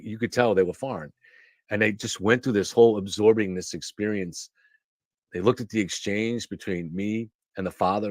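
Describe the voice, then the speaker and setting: On a live stream, a show host with a lowish voice tells a rambling story in a casual monologue, restarting sentences and wandering into asides. The audio is close and dry, free of room echo.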